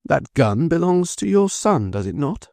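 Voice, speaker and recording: A man's voice: a little high, big pitch swings, measured pace, creaky, mellow, dry recording, studio quality, pitched above the performer's own voice, full character voice. A man voicing a male barrister who questions a witness in a formal manner. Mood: pressing.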